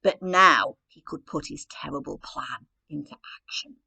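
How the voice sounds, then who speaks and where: A woman reading a story aloud for a children's playgroup, animated and sing-song, asking the little ones questions. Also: sits low, unhurried, gravelly, breathy edge.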